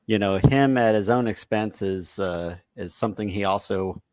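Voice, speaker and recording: Low-voiced man, dry close sound. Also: moderate pace, a little mellow, no room sound. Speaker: podcast co-host. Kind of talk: casual film chat.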